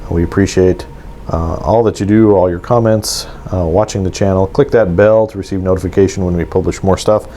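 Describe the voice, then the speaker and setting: A man with a low, dark, mellow voice hosts a casual hobby vlog, showing his models at a table. He rambles along with plenty of ums and false starts. A faint hiss of room noise sits under him. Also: fairly even intonation, brisk. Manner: rambling, with many ums and restarts. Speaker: miniatures hobby channel host. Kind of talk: casual show-and-tell vlog.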